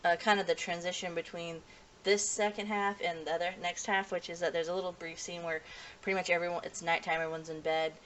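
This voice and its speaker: A woman's voice: on the low side, level tone, fast, a bit bright, slight background noise. A woman reviewing an anime episode in a casual, rambling way, with lots of fillers, self-corrections and frequent chuckles.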